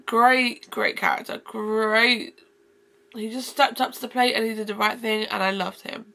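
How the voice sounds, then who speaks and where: A woman's voice: a little high, steady tone, brisk, gravelly, bright, forceful tone. A woman book vlogger gushing effusively about favorite characters in a casual, rambling way. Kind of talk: casual book-review vlog.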